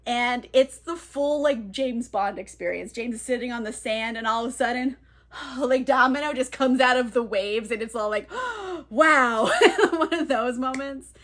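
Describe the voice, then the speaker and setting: A woman's voice: fairly high pitch, moderate pace. A woman giving a chatty, sarcastic casual book recap, laughing often and using lots of filler words. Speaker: book reviewer.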